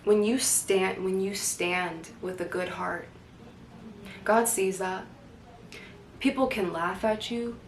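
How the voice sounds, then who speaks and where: A woman's voice: medium pitch, takes it slowly, pauses often, slight background noise. Earnest woman giving life advice, echoey room. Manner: earnest and direct, with animated asides and laughs. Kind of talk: casual faith-based self-help talk.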